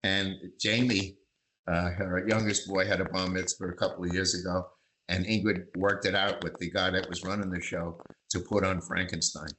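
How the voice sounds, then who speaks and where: An older man from the Bronx, telling lively anecdotes as a guest, acting out voices and singing bits of songs. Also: sits low, moderate pace, a little hiss or hum, poor audio. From East Bronx, New York. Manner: animated raconteur, acts out voices and sings snatches. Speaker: magazine publisher, guest. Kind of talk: storytelling interview.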